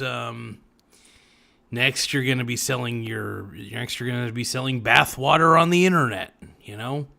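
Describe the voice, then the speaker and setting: A man's voice: medium pitch, gravelly, bright, forceful tone. A man as a podcast guest in casual chat, crude, joking and rambling.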